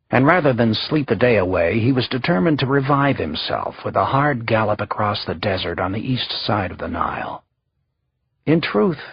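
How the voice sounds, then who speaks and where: A man reading a historical thriller audiobook in a steady, measured narration. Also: mid-range voice, vocal fry, slightly rough, dry recording, highs cut off. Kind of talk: scripted narration.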